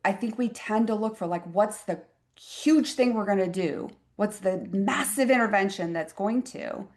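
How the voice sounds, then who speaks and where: A woman physician in her fifties, a podcast guest telling a personal story in a reflective, expressive way with wry asides. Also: medium pitch, normal speed. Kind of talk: conversational interview storytelling.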